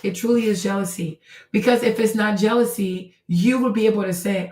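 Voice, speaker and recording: The host of this commentary stream is a woman with a mid-range, slightly mellow voice who speaks briskly. She pushes her opinions emphatically and rhetorically, repeating phrases for effect, heard in a roomy space away from the mic.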